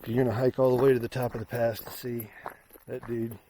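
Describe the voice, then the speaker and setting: A man's voice: medium pitch, little pitch movement, fast talker, warm tone, a little hiss or hum. A young man from the US Midwest, narrating a trail hike for his viewers, chatty and openly awed by the scenery. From Indiana, US Midwest. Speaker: hiking vlogger. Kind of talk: casual narration while hiking. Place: outdoors on a mountain trail.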